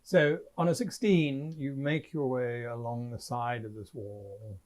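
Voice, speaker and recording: A man's voice: medium pitch, steady tone, a little mellow. A man narrating a tabletop game as game master, describing scenes vividly and with dry jokes. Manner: drawn-out, vividly descriptive, dryly joking.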